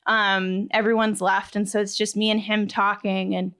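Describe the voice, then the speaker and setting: A woman in her thirties telling a personal story on stage, animated and quick to laugh as she quotes the people in it. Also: mid-range voice, smooth.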